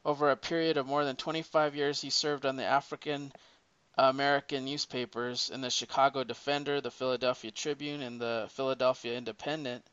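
A man in casual chat, retelling a comic story in a rambling, animated way, with many restarts. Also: medium pitch, fairly quick, clean tone, no room sound. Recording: dull lo-fi recording.

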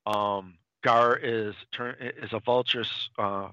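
Bright-voiced man recapping a comic. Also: on the low side, takes it slowly, dry recording, lo-fi sound. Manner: animated, dips into quoted character lines; rambling with frequent restarts. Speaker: podcast co-host. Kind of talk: casual retelling of a comic plot.

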